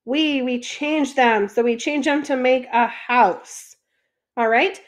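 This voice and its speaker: Woman French teacher, high voice, unhurried, patient, talks through each step. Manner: patient, asks questions then answers them. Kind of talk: classroom lesson explanation.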